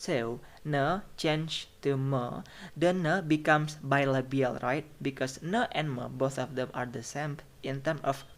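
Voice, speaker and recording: A lecturer talks through slides in a recorded online class, saying each example twice and asking "right?" as they go. The voice sits at a middle pitch, neither high nor low. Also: a little slow, hardly any pauses. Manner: repeats each example and checks in with "okay" and "right?". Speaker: phonetics lecturer.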